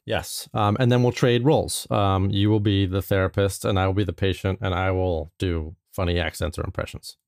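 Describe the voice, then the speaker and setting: Low-voiced male podcast host. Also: moderate pace, gravelly, hardly any pauses, no room sound, clean studio sound. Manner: relaxed, chatty, with fillers. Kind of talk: casual chat.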